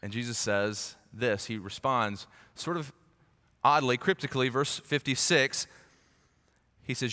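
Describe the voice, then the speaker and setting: Bright-voiced pastor in a hall. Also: male voice, medium pitch, unhurried. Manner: conversational, animated, acts out quoted voices. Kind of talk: sermon. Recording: long hall reverb.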